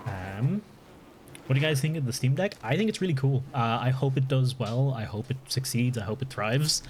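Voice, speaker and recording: A man's voice: mid-range voice, lively intonation, moderate pace, slight background noise. A man with an Irish accent chatting casually on a live stream while gaming, rambling and often restarting his sentences. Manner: rambling, restarts and corrects himself.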